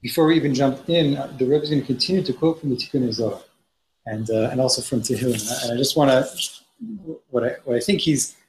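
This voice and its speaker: A man's voice: medium pitch, quick pace. Man teaching a text class, roomy echo. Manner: reads Hebrew passages aloud and explains them in English, with many restarts. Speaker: Torah teacher. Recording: roomy echo, faint noise.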